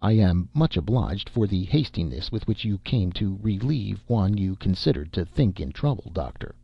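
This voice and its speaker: A man's voice: sits low, lively intonation, moderate pace, gravelly, husky, dry recording, dull audio, full character voice. Man playing a pompous, wordy detective. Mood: stiffly dignified. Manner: stiff, pompous and long-winded. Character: pompous, wordy small-town male detective.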